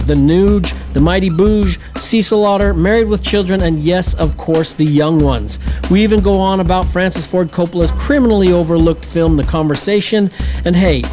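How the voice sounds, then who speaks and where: A man hosting a casual podcast, talking with eager enthusiasm and rambling through his thoughts. His voice sits a little high. Faint music plays beneath him. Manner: enthusiastic, rambling with fillers and laughs. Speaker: podcast host. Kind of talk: casual podcast intro and chat.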